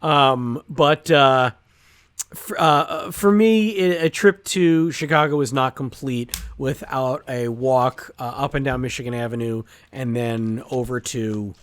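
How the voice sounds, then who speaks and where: A man's voice: mid-range voice, takes it slowly. A man, an actor, chatting easily as a podcast guest and using lots of fillers along the way. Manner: easygoing, chatty, with many fillers. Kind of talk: casual interview chat.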